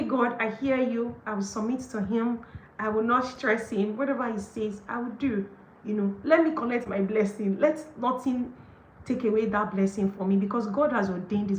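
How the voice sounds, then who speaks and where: A woman hosting a book study session. She reads from the book and comments on it in a gushing, excited way, laughing often and leaning on "like" and "okay". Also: fairly high pitch, a little hiss or hum. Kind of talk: livestreamed devotional book reading and commentary. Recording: echoey room.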